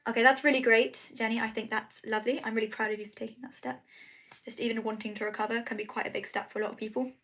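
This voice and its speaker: A woman's voice: fairly high pitch, level tone, quick pace, pushed and bright, rough recording. A British woman chatting casually on a live stream, reading out viewer comments and answering them in a chatty, apologetic way. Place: home, at night.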